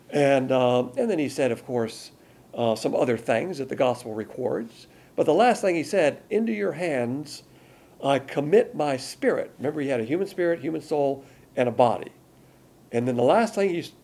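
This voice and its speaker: Gravelly older man preaching. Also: a little high, dark tone. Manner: conversational preaching with rhetorical questions. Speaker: Bible teacher. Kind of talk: sermon.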